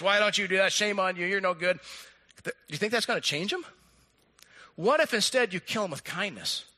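Bright, animated male preacher. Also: high-pitched. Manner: animated preaching, acts out voices, drops to soft hush. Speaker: pastor. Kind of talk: sermon.

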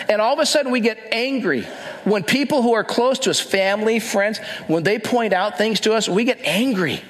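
A man's voice: high-pitched, normal speed. A man preaching a sermon in a conversational way, asking the audience rhetorical questions and acting out imagined quotes. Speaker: pastor.

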